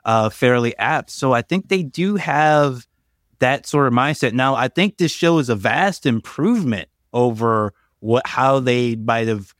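A man chats on a podcast in a conversational, hedging way, full of fillers and side remarks. His voice sits at a middle pitch and sounds close and dry. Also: a little slow, no room sound. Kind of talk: casual discussion.

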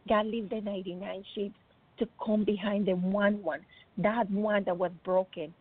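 A woman's voice: medium pitch, steady tone, moderate pace, slightly rough. A woman telling an emotional faith testimony in an earnest way, acting out the voices she quotes. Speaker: speaker sharing a personal faith testimony. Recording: tinny phone-like dry sound.

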